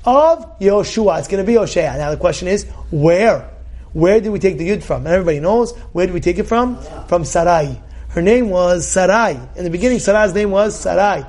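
This rabbi's Torah class comes in a high-pitched, fairly quick voice. He's animated and forceful, frequently posing rhetorical questions and bursting out loudly.

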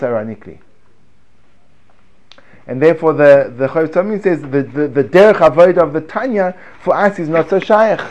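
A man leads a Torah class in a lively, animated way. His voice sits a little high for a man, and he drops from loud emphasis to near hushed tones. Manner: animated, chants prayer words with swings from loud to hushed. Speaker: Torah teacher.

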